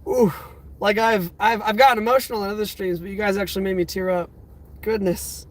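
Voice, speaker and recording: Sitting in a parked car, a livestream host in his twenties talks fairly quickly in a high voice with fairly even intonation. Overwhelmed and close to tears, he keeps repeating exclamations in this casual, emotional chat, with a little hiss or hum audible.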